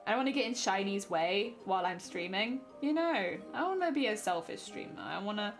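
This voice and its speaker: A woman's voice: medium pitch, lively intonation, fairly quick. Young woman, playful streamer chat, giggly, faint background music. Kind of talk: casual chat with viewers while crafting.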